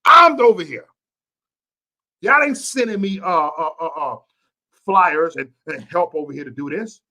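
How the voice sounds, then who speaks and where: A man's voice: a little high, animated, measured pace, bright, forceful tone. A man from Chicago ranting bluntly and profanely on a vlog livestream, preachy and repetitive, talking to his chat viewers. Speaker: vlogger and livestream host.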